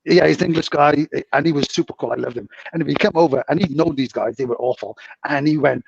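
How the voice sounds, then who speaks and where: A man's voice: on the high side, quick pace, vocal fry, hardly any pauses, a little mellow, breathy edge, no echo. A man, a casino dealer, casually telling rambling anecdotes on a podcast. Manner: rambling anecdotes with frequent laughs. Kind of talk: casual storytelling. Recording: dull lo-fi audio.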